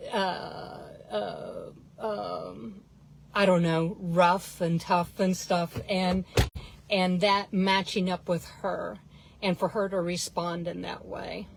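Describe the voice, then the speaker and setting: A woman life coach telling a story to her viewers in an unhurried, earnest way, often calling them guys. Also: fairly low pitch, poor audio.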